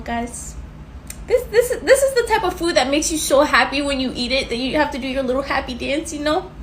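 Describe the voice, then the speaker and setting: A woman chatting excitedly in a casual food vlog, gushing about a home-cooked meal. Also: high-pitched, slight background noise.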